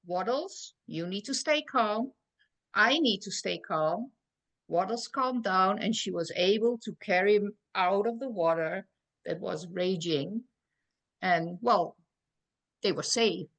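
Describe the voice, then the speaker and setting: A woman's voice: medium pitch, fairly bright tone, low-quality recording. A woman with a mid-range voice tells a story over a video call. She speaks hesitantly, with fillers, and keeps checking in with her listener. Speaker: participant telling a story. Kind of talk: casual storytelling.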